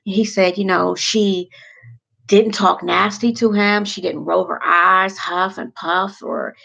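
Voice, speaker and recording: A woman's voice: mid-range voice, fairly even intonation, slow pace, vocal fry, sharp tone, lo-fi sound. A woman vlogger chatting casually and emotionally to her viewers, rambling from one thing to the next.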